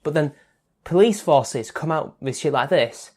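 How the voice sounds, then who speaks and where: A man's voice: on the high side, expressive, unhurried, darkish tone. A male online commentator from Northern Ireland delivers a ranting opinion vlog. His tone is heavy with sarcasm and mock disbelief as he talks straight to his viewers.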